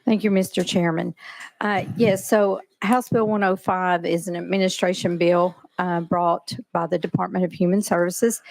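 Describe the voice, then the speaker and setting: A woman legislator presenting a bill to a committee in a brisk, matter-of-fact way, speaking into a desk microphone in a hearing room. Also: medium pitch, no echo, poor audio. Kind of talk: committee testimony.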